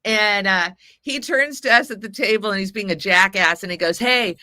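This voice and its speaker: Guesting on a podcast, this forty-something woman of Mexican heritage tells a lengthy personal anecdote, rambling and acting out others' quotes in a casual storytelling chat. She has a medium pitch, moderate pace, and a bright, forceful tone, in clean studio audio with no room sound.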